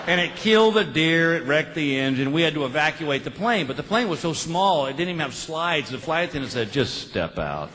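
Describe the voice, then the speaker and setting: A middle-aged man does a stand-up set of folksy stories, building each one toward a punchline. His voice sits on the high side, a bit bright with a breathy edge. It's recorded live on a comedy stage, with the audience laughing in the background.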